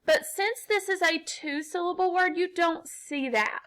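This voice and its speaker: A woman teaching a children's phonics lesson, explaining slowly and patiently step by step. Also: very high-pitched, fairly bright tone, rough recording. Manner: slow, patient, step-by-step instruction.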